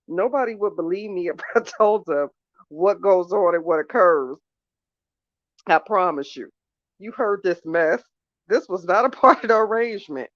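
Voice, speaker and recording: A woman's voice: lowish voice, animated, normal speed, no room sound, lo-fi sound. A woman vlogging in casual chat, ranting to her viewers in an exasperated way about her evening plans.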